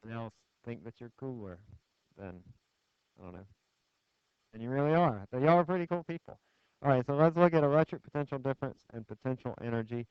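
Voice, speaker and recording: A man's voice: medium pitch, animated, brisk, clear, resonant tone, dry recording. A man giving a physics lecture, putting questions to the class in a conversational, joking way. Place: lecture hall. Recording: dull lo-fi classroom screencast audio, dry.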